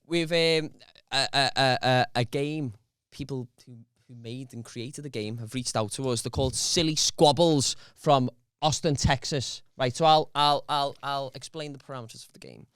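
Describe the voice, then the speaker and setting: A man's voice: medium pitch, fairly bright tone, smooth, dry recording, clean studio sound. A young man, co-host of a comedy podcast, telling rambling, sweary work stories in casual chat. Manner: rambling, swearing, quick to laugh.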